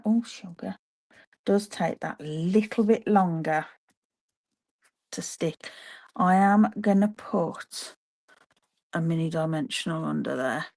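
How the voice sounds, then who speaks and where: Working on cards in her home craft room, a woman livestreams a papercraft demonstration and talks to viewers as she goes. She has a warm voice that sits on the low side.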